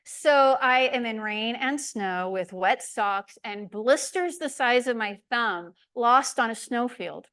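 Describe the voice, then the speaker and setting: Brief: woman presenter, animated, self-mocking storyteller, fairly high voice. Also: slow pace, hardly any pauses, clean tone. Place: lecture room.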